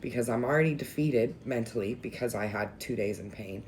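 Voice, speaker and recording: Woman, young adult, casual vlog storytelling, candid, emotional, faint rumble behind. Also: a little fast, a little mellow. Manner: candid, emotional, venting with swearing. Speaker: vlogger.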